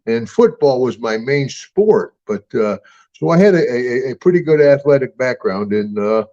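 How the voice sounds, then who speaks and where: A man's voice: mid-range voice, normal speed. An older man, a retired wrestler, telling stories in an interview, acting out the other voices and laughing often. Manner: animated storyteller, acts out voices, laughs often. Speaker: guest, retired pro wrestler. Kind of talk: storytelling interview. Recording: dull lo-fi sound.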